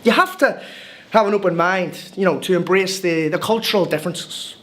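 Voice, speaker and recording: A man's voice: high voice, moderate pace, fairly bright tone. A cheerful Irish newcomer, chatty and wide-eyed, telling his tale in a scripted film monologue. The Irish accent is there from the first line. He talks wryly and stumbles over a word now and then. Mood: wry storytelling. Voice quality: chatty, wry storytelling with hesitant restarts. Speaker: monologue narrator.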